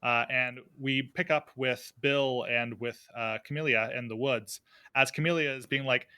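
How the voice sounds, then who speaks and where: A man's voice: mid-range voice, fairly even intonation, normal speed, sharp tone, smooth, no echo. A man acting as game master, setting scenes in a playful, cinematic way. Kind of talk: narrating a tabletop game.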